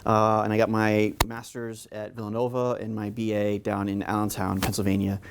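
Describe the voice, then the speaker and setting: Male history lecturer from New York, New York accent, quick delivery, frequent fillers. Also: lowish voice, monotone, a little hiss or hum. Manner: fast-talking, many filler uhs. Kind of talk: public lecture.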